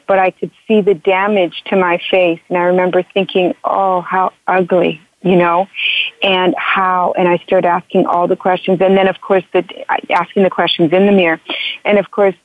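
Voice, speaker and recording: A woman's voice: fairly low pitch, no room sound. A woman author and couples counselor telling her story in an interview, earnest and emotional, often repeating herself. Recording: dry tinny phone line.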